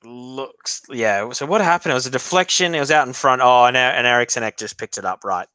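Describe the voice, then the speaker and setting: Joking Australian man with a bright voice. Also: mid-range voice, brisk, smooth, no room sound. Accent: refined Australian, leaning British. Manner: chatty and joking, laughs often. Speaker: live stream host. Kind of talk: casual hockey reaction commentary.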